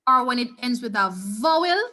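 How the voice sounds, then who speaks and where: A woman with a Jamaican accent teaching a Spanish class over a video call, patiently repeating words slowly for her students. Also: on the high side, expressive, bright, forceful tone. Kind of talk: online class lesson. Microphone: computer mic on a video call.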